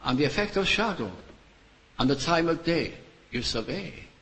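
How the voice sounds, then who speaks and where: An older man preaching a sermon, slow and deliberate, building up to emphatic rhetorical questions. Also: on the high side, expressive, vocal fry, fairly bright tone, rough recording.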